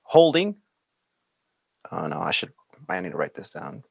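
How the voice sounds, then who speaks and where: Animated male airline-pilot podcast host. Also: deep voice, a little slow, vocal fry, slightly rough, no echo. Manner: animated storyteller, puts on funny voices for quotes. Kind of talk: casual chat and scripted show intro.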